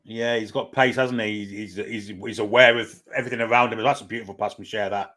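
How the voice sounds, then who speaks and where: A man's voice: lowish voice, steady tone, fast, pushed and bright. A man co-commentating on a football match for a fan show, chipping in laid-back remarks and frequent chuckles.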